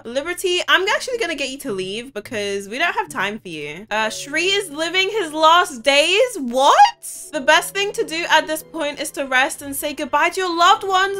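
A young woman giving excitable let's play commentary, exclaiming often as she reacts to the game. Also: high-pitched. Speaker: gaming YouTuber.

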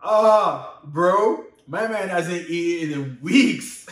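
A man's voice: high voice, lively intonation, drawn-out words, a bit bright, echoey room. A man commenting casually on videos, profane and slangy, laughing often between remarks. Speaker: streamer reacting to videos.

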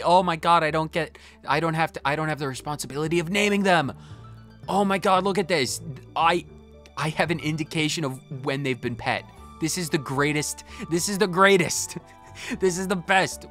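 A man narrates his own gameplay with giddy, gushing enthusiasm, exclaiming again and again. His pitch swings widely from low to high as he reacts. Soft game music plays faintly behind him. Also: moderate pace. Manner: gushing, excitable, repeatedly exclaiming. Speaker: gaming channel host. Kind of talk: let's play commentary.

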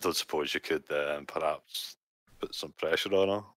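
A man playing a tabletop game, speaking in a halting, hesitant way with many "uh"s and restarts. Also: very deep voice, fairly even intonation, a bit bright, no echo. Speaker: player. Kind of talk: casual in-character roleplay over a call.

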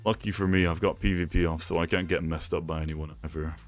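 A young man giving excitable gameplay commentary, talking to himself and laughing often. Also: low voice, quick pace, soft background music. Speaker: gaming YouTuber.

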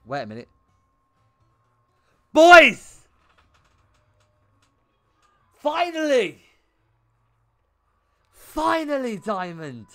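This young male streamer has a medium-pitched voice that's a bit bright, clear and resonant, recorded with no echo. While gaming, he talks to chat in blunt bursts and swears a lot.

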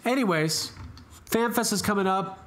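A man's voice: high voice, moderate pace, fairly bright tone. Jokey man hosting a podcast. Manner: jokey, playful. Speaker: podcast host. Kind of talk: casual chat.

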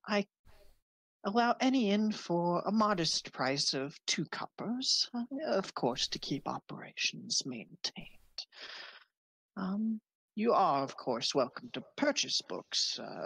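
A game master voicing a distracted elderly male wizard librarian who talks high and whispery under his breath. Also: expressive, slow pace, creaky, fairly bright tone, breathy edge, no echo, heavily acted, rough recording. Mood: fussy. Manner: muttering, whispery.

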